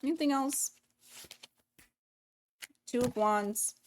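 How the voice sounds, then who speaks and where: A woman's voice: a little high, takes it slowly, a little mellow, slight background noise. Blunt, profane woman reading tarot. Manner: blunt, profane, chatty, thinks aloud with restarts. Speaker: tarot reader.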